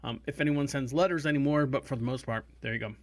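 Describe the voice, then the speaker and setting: A man's voice: medium pitch, quick pace. A man hosting a talk radio show from the studio, rambling and chatty with asides. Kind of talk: casual talk radio monologue.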